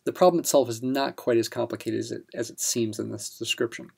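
Male math instructor, gravelly voice at an average pitch, patient step-by-step delivery. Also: steady tone, a little fast, a little mellow. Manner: patient step-by-step explanation with fillers. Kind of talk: explaining a practice problem.

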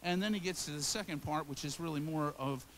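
A man's voice: a little high, brisk, fairly bright tone, a little hiss or hum. A male pastor preaching a sermon in a conversational, emphatic way, often repeating and restarting phrases.

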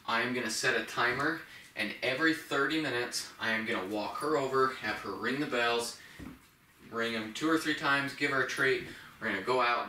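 A man who trains puppies, calmly explaining a training method step by step and softly praising the dog. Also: mid-range voice, a little hiss or hum. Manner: calm, plain explaining, with soft praise to a puppy. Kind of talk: instructional demonstration. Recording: echoey room, mic at a distance.

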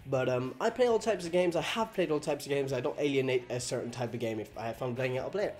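A man's voice: medium pitch, fast, music in the background. A teenage boy in a casual vlog, chatting and joking as he reads out and answers viewer questions, swearing now and then. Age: teens.

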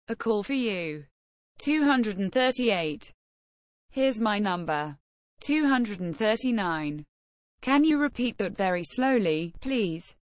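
Slow, carefully enunciated woman reader. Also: mid-range voice, no room sound. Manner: measured, carefully enunciated phrase-by-phrase reading. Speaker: language lesson reader. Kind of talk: reading numbered practice phrases.

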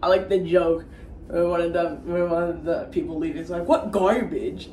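A man's voice: fairly high pitch, flat delivery, brisk, darkish tone. A young man giving a casual, jokey, slang-heavy movie recap at home, rambling and dropping into silly voices. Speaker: movie reviewer. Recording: echoey room with faint noise.

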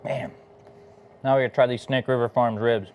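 A man's voice: medium pitch, steady tone, moderate pace, slight background noise. A middle-aged man from Texas, a barbecue pitmaster chatting casually between bites while hosting a live cooking demo. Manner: laid-back and enthusiastic, talking between bites.

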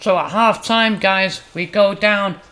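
Excitable high-voiced gaming commentator. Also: male voice, takes it slowly. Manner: excitable, bursts loud on chances and goals. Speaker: gaming channel host. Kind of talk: playful mock match commentary over gameplay.

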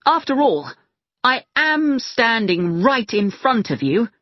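Outspoken young woman, as a man puts her on, lively, breathy, dry close sound. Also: very high voice, slow pace, dry recording, lo-fi sound, pitched above the performer's own voice, heavily acted.

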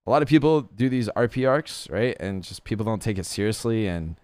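A man's voice: on the low side, expressive, brisk, darkish tone, dry recording. A young man chatting casually as a guest, rambling with lots of fillers and casual swearing. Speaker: guest streamer. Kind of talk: casual chat about roleplay gaming.

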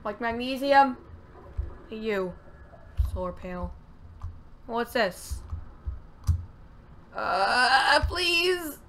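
A woman giving casual gameplay commentary, excitable and talking to herself, with loud frustrated outbursts. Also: a little high, extremely slow, pauses often, slight background noise. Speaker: let's play gamer.

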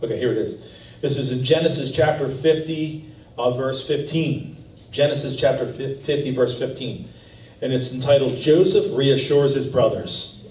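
Pastor preaching in a roomy church. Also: male voice, mid-range voice, steady tone, normal speed, a little mellow. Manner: earnest, conversational preaching with restarts. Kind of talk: sermon. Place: church sanctuary. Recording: roomy, distant live church recording.

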